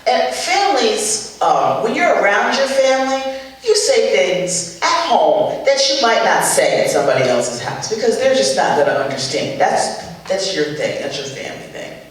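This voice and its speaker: Older woman doing lively stand-up in an echoey hall. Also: medium pitch, moderate pace. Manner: animated, exasperated storytelling with punchy asides. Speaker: comedian. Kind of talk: stand-up comedy. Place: stage at a charity show with a live audience. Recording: echoey hall, voice far from the mic, faint ambience.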